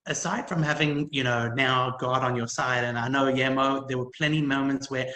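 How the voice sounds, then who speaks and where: A man in his forties sharing a personal story, his voice pitched in an ordinary middle range. He speaks haltingly, full of restarts and fillers, and turns impassioned as he goes on. The sound carries the roomy echo of a livestream. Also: steady tone, pushed and bright. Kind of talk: emotional personal testimony.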